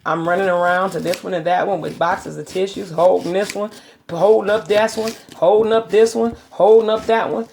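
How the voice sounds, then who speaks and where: A woman's voice: medium pitch, steady tone, normal speed, creaky, a little mellow, slight background noise. A middle-aged woman vlogging from her home kitchen, telling rambling stories in a chatty, casual way. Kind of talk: casual chat.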